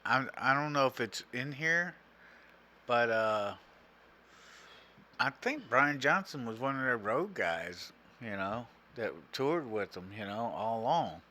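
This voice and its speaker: A man's voice: medium pitch, lively intonation, takes it slowly, pushed and bright. A middle-aged man co-hosting a casual podcast, rambling through trivia with lots of "you know" and frequent chuckles. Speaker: podcast co-host, father. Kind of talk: casual chat, reading trivia aloud.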